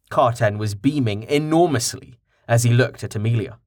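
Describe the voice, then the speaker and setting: A man narrating a fantasy audiobook in an expressive storytelling style on a close mic. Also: mid-range voice, normal speed, hardly any pauses, dry recording.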